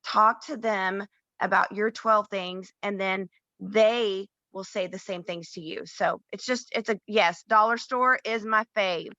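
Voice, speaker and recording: Bright, chatty woman co-host, encouraging and self-deprecating, dry lo-fi call audio. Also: mid-range voice, fairly even intonation, unhurried, dry recording. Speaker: round-table co-host. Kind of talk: casual chat.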